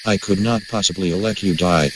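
An actor playing a loyal, admiring sidekick who speaks matter-of-factly in a comedy radio play. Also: male voice, sits low, moderate pace, lightly acted. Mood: earnest. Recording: noisy ambience behind.

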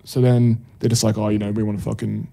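A man with an Australian accent, co-hosting a podcast and telling a story in relaxed banter, full of fillers and swearing. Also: lowish voice, quick pace, creaky. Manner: laid-back, swearing, storytelling with lots of fillers. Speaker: podcast co-host. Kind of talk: casual banter.

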